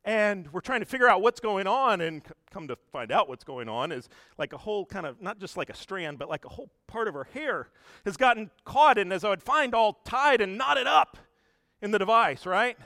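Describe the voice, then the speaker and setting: A man preaching a sermon in a chatty, animated storytelling way, speaking straight to the congregation. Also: high-pitched, moderate pace, no echo, studio quality. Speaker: pastor.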